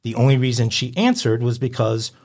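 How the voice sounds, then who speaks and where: A man's voice: medium pitch, lively intonation, a little fast, darkish tone. Guy on a podcast mic reading crime headlines, chatty, lots of ums. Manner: conversational, reads stories with frequent ums and uhs. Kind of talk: casual podcast chat and news reading. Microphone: podcast studio mic.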